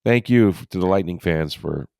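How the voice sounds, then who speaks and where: A man's voice: low-pitched, lively intonation, normal speed, creaky, darkish tone, no room sound, clean studio sound. A man co-hosting a casual sports podcast, stuffed up from a summer cold, grumbling wryly as he talks. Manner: wry, grumbling banter. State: congested from a cold. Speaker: podcast co-host.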